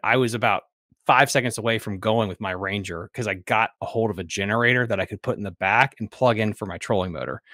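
A man hosting a fishing podcast in casual chat, relaxed, laughing easily and reading out comments. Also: on the low side, dry recording, clean studio sound. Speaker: podcast host.

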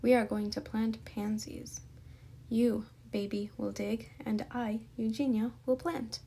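A commanding, prim old spinster who barks orders at her sister, as a woman reads her in a storybook. The voice is gravelly and husky, dark rather than bright. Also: on the high side, fairly even intonation, unhurried. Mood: bossy. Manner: commanding and prim, prone to shouting. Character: bossy, proper elderly spinster sister.

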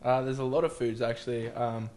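Deadpan young Australian man. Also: medium pitch, fairly quick. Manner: deadpan, dry humor, hesitant fillers. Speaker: guest.

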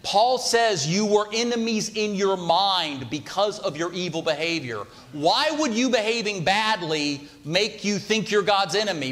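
A man's voice: high-pitched, expressive, a little slow, hardly any pauses, fairly bright tone. A man preaching a sermon in a church, talking conversationally and putting questions to the congregation. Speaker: pastor. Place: church sanctuary. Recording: long hall reverb.

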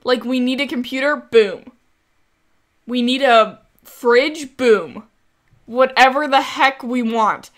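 Young woman chatting over her game, kinda exasperated, bright and a bit high. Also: slow pace. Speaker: gaming creator. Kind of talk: casual gameplay commentary.

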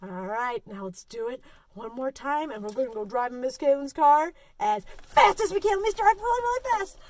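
A high-voiced woman leads a children's story time. She talks in an animated, sing-song way and keeps inviting the kids to join in, with a ukulele playing faintly behind her. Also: moderate pace, soft background music. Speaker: children's librarian.

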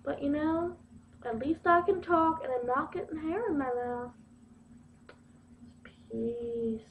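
A young woman talking to camera in a casual vlog, playful, giggly and quick to poke fun at herself. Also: high-pitched, a little hiss or hum. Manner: giggly, playful and self-mocking. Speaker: video blogger. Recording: dull lo-fi webcam audio.

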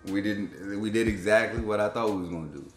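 A man with a lowish voice vents about a loss in a loose, slangy rant full of curses and exasperation. He sounds like he's in a bare, echoey room, with a faint beat playing quietly behind him. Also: fast, soft background music. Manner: frustrated, profane, slangy. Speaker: sports fan channel host. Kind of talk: casual post-game reaction rant.

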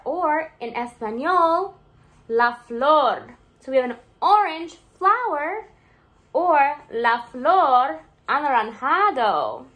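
A woman's voice: sits high, a bit bright. A young woman teacher reading a picture book aloud to young children, sing-song and encouraging, asking them questions as she goes. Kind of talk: children's read-aloud lesson.

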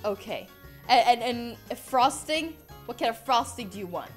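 A gaming YouTuber role-plays a fed-up mom who has been turned into a monster, with soft background music behind her. Her voice is on the high side with lively intonation at a moderate pace, dramatic and exasperated, often repeating herself.

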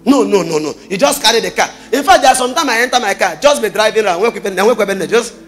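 A Nigerian pastor preaches with a high, swinging voice that leaps between soft asides and shouted points. He fires rhetorical questions at the congregation. Faint music plays behind him. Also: animated, rapid-fire. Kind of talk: sermon.

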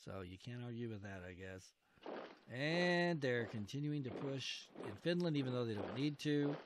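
A man gives loose, chatty commentary over a computer wargame, cheering his troops on and sighing at setbacks in a mid-range voice. Clear game noise of artillery and gunfire sits behind him. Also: mid-range voice, animated, normal speed. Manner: talks to his units, cheering and groaning at each turn. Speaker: wargame video host. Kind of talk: casual let's-play commentary.

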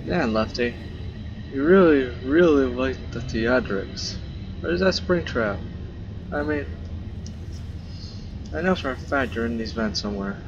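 Gamer dude rambling through a horror game, jokey, talking back at the characters, mid-pitched voice, loud game music behind him. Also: male voice, expressive, unhurried, pauses often, lo-fi sound. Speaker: gaming video host. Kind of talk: casual let's play commentary.

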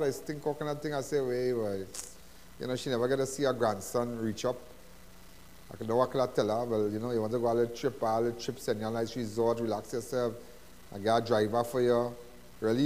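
A middle-aged Trinidadian man talks straight to his viewers in a folksy, emphatic monologue, circling back to the same phrases again and again. His voice sits in a middle pitch and rings with a long hall-like reverb. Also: a little mellow. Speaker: host of a crime talk show. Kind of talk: live talk-show monologue.

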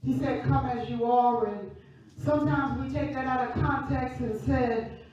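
A woman preaches in a high voice, repeating her lines in a rhythmic call and lifting them into near-song. She speaks slowly and deliberately. The sound is distant and dull, with a heavy echo from a large hall. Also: steady tone, a little mellow, slight background noise. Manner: rhythmic call-and-response preaching, rising into sung phrases. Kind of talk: sermon.

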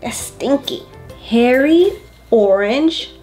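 A woman reads a picture book aloud to small children, slow and unhurried, her voice bouncing up and down with lively delight. She coaxes her listeners with gasps and questions, a little higher than most women, while soft music plays faintly behind her. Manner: playful, coaxing, with gasps and kid-directed questions. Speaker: host reading to preschoolers.

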